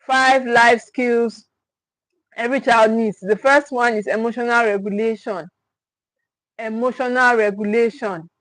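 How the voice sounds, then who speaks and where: A woman's voice: on the high side, fairly even intonation, measured pace, a bit bright, dry recording, poor audio. A woman, a parenting coach teaching on a livestream, stressing and repeating her key points and checking in with viewers. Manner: emphatic, repeats key phrases; speaks directly to the viewers, with check-ins.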